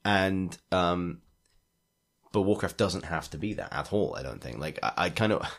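A man's voice: deep voice, expressive, normal speed, creaky, fairly bright tone. A man co-hosting a games podcast in casual chat, rambling and restarting his sentences as he thinks aloud. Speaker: podcast co-host.

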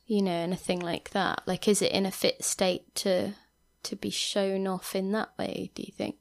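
A woman's voice: mid-range voice, level tone, normal speed, vocal fry. A woman co-hosting a podcast in casual, playful chat. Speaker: podcast co-host.

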